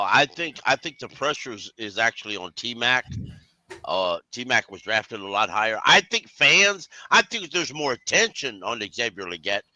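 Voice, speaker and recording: Halting sports podcast co-host, very bright tense voice, dry close mic. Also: male voice, mid-range voice, no echo, low-quality recording. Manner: halting, many restarts, dismissive asides. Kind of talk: casual sports talk.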